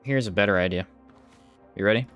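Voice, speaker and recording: A man streams gameplay live, talking easily with viewers, reading out the chat, and reacting to each play, his pitch shooting up at surprises. His delivery is brisk and a bit bright, though the audio sounds dull, and soft music runs underneath.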